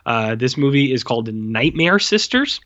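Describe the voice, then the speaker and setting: Casual male podcast host, rambling and laid-back, bright edge, lo-fi recording. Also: mid-range voice, big pitch swings, normal speed. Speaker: podcast host reviewing movies. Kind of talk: casual chat.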